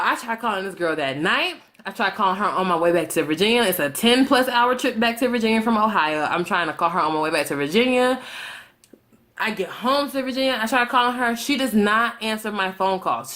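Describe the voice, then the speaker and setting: A young woman vlogger telling a story to camera in a loose, conversational way. She is animated and dramatic, swears freely, and plays out both sides of the conversation. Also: medium pitch, brisk. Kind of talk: casual storytime vlog.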